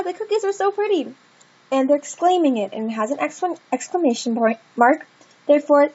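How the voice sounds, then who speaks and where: A woman's voice: high voice, muffled recording. A woman giving a casual grammar lesson, talking it through in a chatty way and acting out example sentences. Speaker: student tutor.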